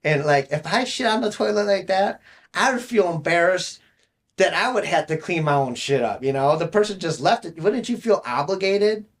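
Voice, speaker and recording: A man's voice: sits high, lively intonation, moderate pace. A young man co-hosting a podcast, telling rambling stories in casual chat and laughing mid-sentence. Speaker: podcast co-host.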